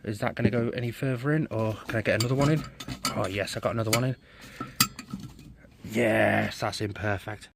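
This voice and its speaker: A man, chatting excitably to a handheld camera while vlogging outdoors in a forest at night. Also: on the low side, fairly quick, vocal fry, heavy background noise. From England. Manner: excitable, chatty, laughs often. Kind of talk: casual vlog narration.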